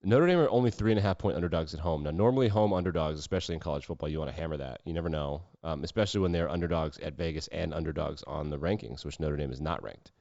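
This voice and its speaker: Man, low voice, podcast host, casual betting talk, brash, swears a lot, dry dull audio. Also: fast talker, creaky, few pauses, darkish tone, no echo. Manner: opinionated, brash, swears freely.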